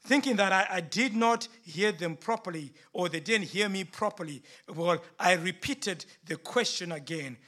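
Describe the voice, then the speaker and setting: A preacher voicing Pilate in a first-person sermon monologue, theatrical and rising to loud indignant outbursts. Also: male voice, sits high, expressive, normal speed, few pauses. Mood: bitter. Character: Roman governor Pilate, a frustrated, defensive man. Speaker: preacher in character.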